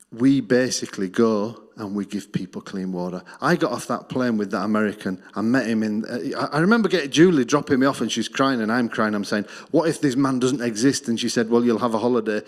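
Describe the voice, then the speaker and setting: A middle-aged Australian man, speaking on missions, gives his testimony in church. He tells his story earnestly, letting his voice drop low and soft on the key lines.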